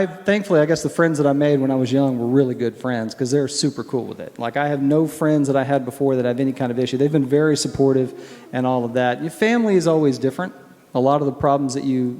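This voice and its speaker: A man from Texas, a guest singer, answering audience questions with earnest, animated storytelling. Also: medium pitch. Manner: earnest, animated storyteller who gets choked up. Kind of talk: candid Q&A conversation. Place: large synagogue hall. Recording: long hall reverb.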